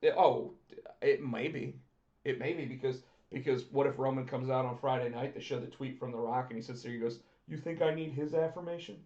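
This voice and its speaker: This is a male podcast co-host in casual wrestling chat, animated and quoting others in character. His mid-range voice stays steady, slightly fast and a touch mellow, captured with dull lo-fi sound in a room with echo.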